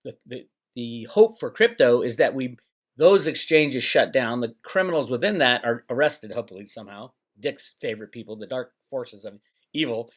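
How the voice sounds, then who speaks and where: Sarcastic and rambling, a middle-aged man speaks casually to camera on his own channel from his Northern California home, mimicking others mockingly in put-on voices. The voice is medium-pitched with a fairly bright tone.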